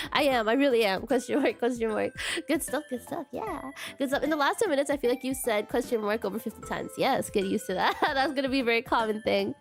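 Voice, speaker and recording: A woman's voice: a little high, a little fast, vocal fry, faint music behind. A young woman streaming a casual question-and-answer chat, who giggles often and keeps saying "question mark" as a filler. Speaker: VTuber streamer.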